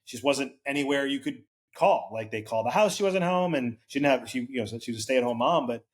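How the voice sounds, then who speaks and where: A man's voice: mid-range voice, animated, fast talker. A man in his forties, a podcast guest telling a long personal story in a casual, rambling way, full of "like" fillers and acted-out quoted voices.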